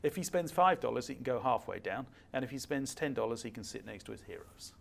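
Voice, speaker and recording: A man's voice: medium pitch, lively intonation, quick pace, gravelly, a little hiss or hum. An older man, a guest speaker at a fireside chat, telling stories emphatically and acting out the dialogue.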